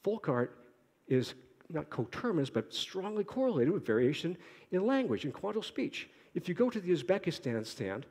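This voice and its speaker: A middle-aged man from Boston giving an academic conference lecture, quick-talking with restarts and wry asides to himself. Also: sits high, big pitch swings, a little mellow. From Boston, United States. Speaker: conference speaker, archaeologist. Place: lecture hall. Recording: long hall reverb.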